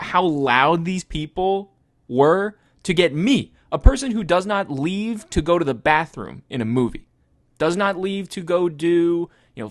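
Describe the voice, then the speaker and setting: A man's voice: high-pitched, no room sound, clean studio sound. A young man with a Texan accent, co-hosting a casual movie podcast and telling a story in a loose, profane way. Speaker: podcast co-host. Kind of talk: casual chat.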